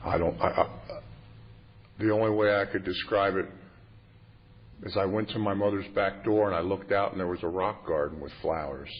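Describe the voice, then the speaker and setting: Fifties man, low-ish voice, self-mocking confessional speaker, muffled old tape. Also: fairly even intonation, moderate pace. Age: 50s. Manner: wry, plainspoken, self-mocking. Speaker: recovery meeting speaker. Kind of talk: humorous confessional storytelling. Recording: muffled lo-fi tape with faint hiss.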